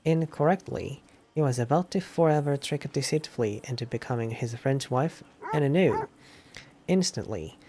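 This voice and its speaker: Japanese guy streaming a game, reads english slow and repeats words, mid voice. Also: medium pitch, lively intonation, warm tone, a little hiss or hum. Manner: slow deliberate reading, repeats words, looks them up. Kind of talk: live game streaming, reading English aloud.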